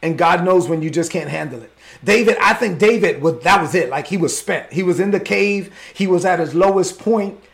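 A man's voice: high-pitched, brisk, vocal fry, hardly any pauses. A man preaching a sermon as pastor, fervent and openly emotional.

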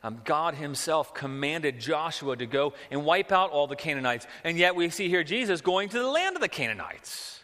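A man preaching a sermon in an animated way, asking rhetorical questions and often repeating words. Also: fairly high pitch, moderate pace, hardly any pauses. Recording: long hall reverb.

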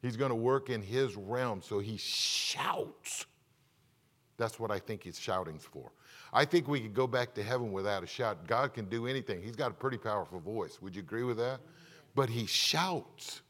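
A man's voice: on the low side, expressive, moderate pace, a bit bright. Emphatic preaching pastor, man. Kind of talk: sermon.

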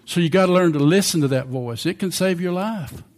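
A man's voice: high-pitched, brisk, a little mellow. An older man preaching a sermon in a conversational way, often asking the congregation questions.

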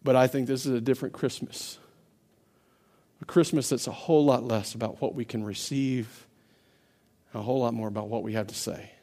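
A man preaching a sermon as pastor, building to loud, impassioned stretches and often repeating words as he restarts. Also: mid-range voice, steady tone, brisk, pauses often. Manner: impassioned preaching that builds to near-shouting climaxes.

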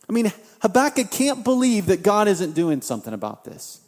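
A man preaching a sermon, swinging from loud, impassioned outbursts to quiet appeals and repeating phrases for emphasis. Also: high-pitched. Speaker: pastor. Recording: long hall reverb.

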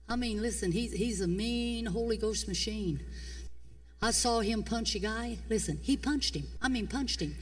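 An older woman pastor, preaching a fiery sermon. She swings between shouting and hushed tones in a folksy way. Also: on the high side, normal speed, husky, far from the mic. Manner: folksy, repeats "come on". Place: church.

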